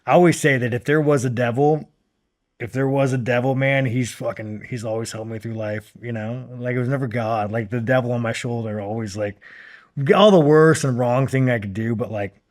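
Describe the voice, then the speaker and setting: A man's voice: medium pitch, steady tone, normal speed, a little mellow. A man in his thirties, a podcast guest talking bluntly and profanely in a rambling, filler-filled way. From United States. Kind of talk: casual long-form interview talk.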